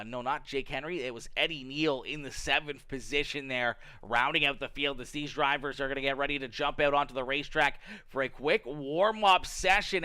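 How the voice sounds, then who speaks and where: A young man streaming live sim race commentary, reading out viewer chat and shouting hype at donations. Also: on the high side, smooth. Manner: excitable, hypes viewers, loud shouts at donations.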